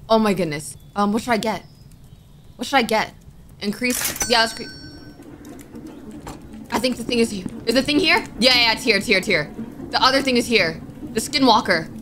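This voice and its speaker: A young woman giving let's-play commentary, jumpy and excitable, quick to panic and squeal at scares. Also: a little high, background noise. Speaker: gaming YouTuber.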